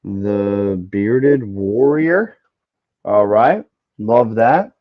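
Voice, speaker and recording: A man with a lowish, expressive voice speaks extremely slowly while hosting a casual sports betting podcast. He jokes with his co-hosts and occasionally stumbles over words, and the lo-fi audio sounds slightly dull.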